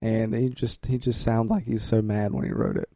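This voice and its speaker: A man co-hosting a podcast in casual chat, joking and teasing, quick to laugh. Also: lowish voice, level tone, warm tone, dry recording, studio quality. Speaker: podcast co-host.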